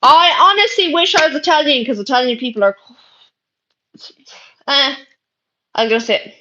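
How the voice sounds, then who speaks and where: A woman's voice: high voice, normal speed, long pauses, pushed and bright. A young Irish woman streaming live, reading chat messages aloud in brash, sweary casual talk. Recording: dull lo-fi stream audio.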